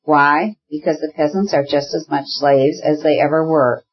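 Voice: medium pitch, steady tone, normal speed, slightly rough, dull audio, natural voice. A reader voicing a bitter, agitated radical brother. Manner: heated, argumentative, bursts into shouting.

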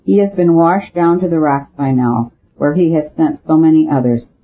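Weary priest detective with a soft, grave delivery, husky tone, tinny phone-like sound, as a male reader puts him on. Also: fairly high pitch, normal speed, close to an everyday voice.

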